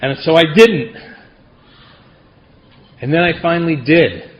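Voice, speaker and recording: A middle-aged man tells his own story at a recovery meeting in a wry, self-deprecating way. His voice sits a little high for a man. The recording sounds dull and muffled, with faint noise behind him. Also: unhurried. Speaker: AA speaker. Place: meeting hall.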